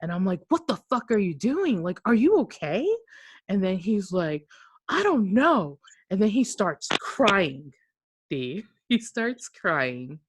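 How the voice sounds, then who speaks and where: A woman co-hosting a podcast, telling a long story in a casual way. She is animated, acts out what people said, and swears freely. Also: mid-range voice, takes it slowly, slightly rough, dry recording. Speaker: podcast co-host.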